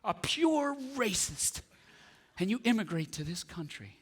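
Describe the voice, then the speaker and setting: A man doing an excitable, profane stand-up set on a large theatre stage, riffing on the crowd. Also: high-pitched, a little slow, slight background noise. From Canada. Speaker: stand-up comedian. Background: audience laughter.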